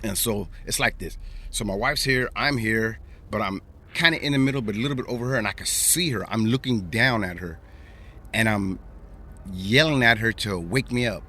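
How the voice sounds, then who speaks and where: Man, podcast host, low voice, forceful and bright, rambling casual storytelling, slangy, faint background noise. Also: normal speed. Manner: rambling, repeats himself, slangy.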